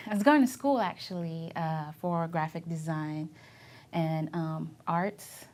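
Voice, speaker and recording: A woman's voice: sits low, takes it slowly, darkish tone. A young adult woman and Navy veteran being interviewed, telling her memories casually and candidly, laughing often as she talks.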